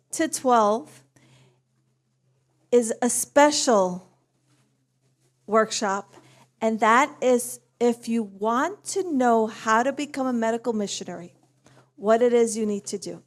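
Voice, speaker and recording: Woman event organizer with a slightly high voice, slow and measured, giving church announcements.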